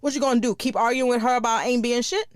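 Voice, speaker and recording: A woman, hosting a podcast in a blunt, profane, animated casual monologue. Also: a little high, quick pace, no echo, clean studio sound. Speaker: podcast host.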